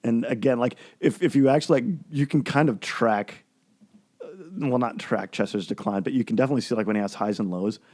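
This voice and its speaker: A man co-hosting a podcast, chatting casually about music in a halting, rambling way with lots of fillers and restarts. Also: mid-range voice, a little mellow. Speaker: podcast co-host.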